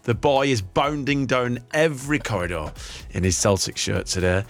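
A man's voice: mid-range voice, normal speed. A man hosting a radio show, chatting and joking with his co-hosts in the studio. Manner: jokey and self-mocking.

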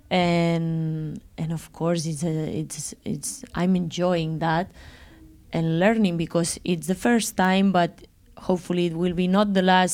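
Slow, hesitant woman footballer. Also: fairly low pitch, darkish tone. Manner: hesitant, searching for English words. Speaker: interviewed footballer. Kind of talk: interview answers.

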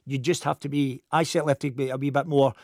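This fast-talking man from Scotland has a mid-range voice and a Glasgow accent. A football coach, he tells a funny story in a casual chat, lively and full of anecdote, recorded in clean studio quality with no room sound.

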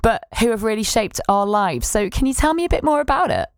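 A woman's voice: fairly high pitch, sing-song, a little fast, clear, resonant tone, no echo. A woman with an East Midlands accent hosting a radio show from a studio, chatty and playful. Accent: East Midlands English. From East Midlands of England. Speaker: radio presenter.

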